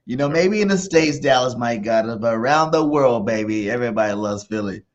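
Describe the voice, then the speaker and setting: A man's voice: mid-range voice, animated, fairly quick, muffled recording. Hyped man hosting a sports podcast. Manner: hyped, loud exclamations. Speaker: host. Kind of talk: casual sports podcast chat.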